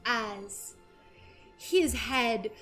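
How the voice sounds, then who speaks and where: A woman narrating a tabletop game as game master, slow and descriptive with many fillers. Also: on the high side, a bit bright, faint music behind.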